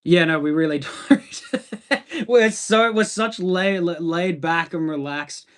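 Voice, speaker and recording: A man's voice: fairly high pitch, slow, a bit bright. An Australian man chatting casually on a livestream, laid-back and rambling as he answers viewer comments.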